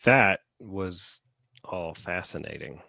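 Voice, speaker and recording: A man co-hosting a podcast, joking in quick banter during a casual chat. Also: sits low, lively intonation, creaky, pushed and bright, no room sound, clean studio sound. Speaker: podcast co-host.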